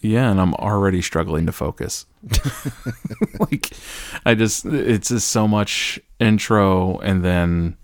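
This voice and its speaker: Deep male podcast co-host, wry and rambling, dry close mic. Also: slow pace, dry recording. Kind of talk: casual chat about wrestling.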